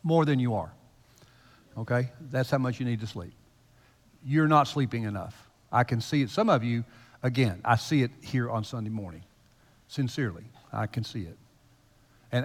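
A male pastor giving a conversational, teasing sermon in a church, his voice swinging between loud emphasis and hushed asides. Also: medium pitch, lively intonation, normal speed, pauses often. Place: church sanctuary. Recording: long reverb of a large hall.

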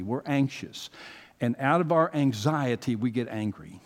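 A Southern American pastor preaches a conversational sermon, addressing his congregation directly and rising into emphatic bursts. His voice is medium-pitched, expressive, and a little slow, with long hall reverb in the recording.

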